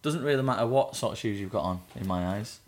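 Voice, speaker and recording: A man's voice: on the low side, animated, quick pace, darkish tone. A man co-hosting a podcast, cutting in with dry, teasing jokes. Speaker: podcast co-host. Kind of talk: casual comedic chat.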